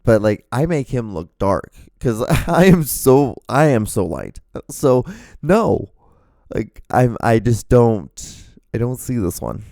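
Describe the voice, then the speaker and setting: A man's voice: lowish voice, gravelly, dark tone, dry recording, clean studio sound. A man hosting a solo podcast, rambling casually through stories and acting out the voices of people in them, with plenty of cursing. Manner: rambling, profane, acts out quoted voices. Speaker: podcast host. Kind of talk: casual solo storytelling monologue.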